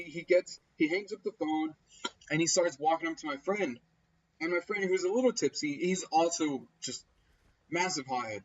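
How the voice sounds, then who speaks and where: Animated man telling a story. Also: highs cut off, slight background noise. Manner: animated, acts out quoted people with pitch jumps. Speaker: gaming storyteller. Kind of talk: casual storytime over gameplay.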